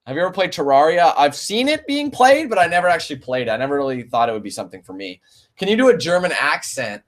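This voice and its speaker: Gamer guy answering chat questions, laid back and rambly, swears a lot, kinda high voice. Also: big pitch swings, fast. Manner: rambling, laughs often, swears casually. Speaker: let's play channel host. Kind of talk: casual live Q&A.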